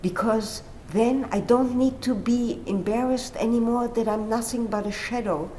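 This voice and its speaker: A woman's voice: fairly high pitch, moderate pace, warm tone, a little hiss or hum, pitched above the performer's own voice, lightly acted. A woman voicing an anxious, wistful man from a story, speaking in a lilting, wondering way. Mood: relieved.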